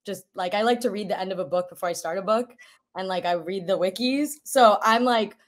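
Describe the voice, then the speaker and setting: A woman's voice: mid-range voice, fairly quick. A woman guest on a casual podcast, chatty and filler-heavy, laughing easily.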